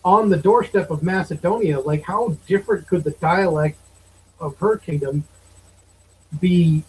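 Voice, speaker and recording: A man's voice: sits high, measured pace, slight background noise, low-quality recording. A man in his thirties co-hosting a podcast, giving opinionated, exasperated movie commentary. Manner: opinionated, exasperated, swears casually. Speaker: podcast co-host. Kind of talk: casual movie review chat.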